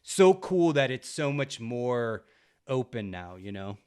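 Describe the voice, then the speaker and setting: A man's voice: mid-range voice, big pitch swings, slow pace, a little mellow. A middle-aged man hosting a podcast, talking casually and rambling a little, with frequent fillers and laughs. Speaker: podcast host and record cover artist. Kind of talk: casual conversation.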